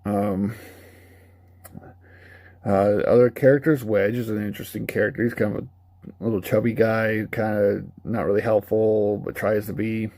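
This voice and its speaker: Gravelly-voiced man giving a rambling review. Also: lowish voice, flat delivery, normal speed, darkish tone, no echo. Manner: rambling, candid, laughs at his own retellings. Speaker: game reviewer. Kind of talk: casual spoken review.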